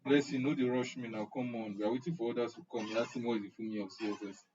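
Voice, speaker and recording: A man's voice: mid-range voice, steady tone, racing, a little mellow, a little hiss or hum. A young Nigerian man teaching an online class, chatting and joking as he answers his audience's comments by name. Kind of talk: casual chat with a live-stream audience. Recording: muffled, distant live-stream audio.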